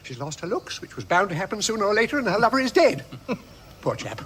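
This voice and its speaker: High-voiced, solemn and stiff earnest gent for a radio play. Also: male voice, big pitch swings, fairly quick, fairly bright tone, slight background noise. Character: pompous, earnest middle-aged man, devoted and easily hurt. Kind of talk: radio drama acting.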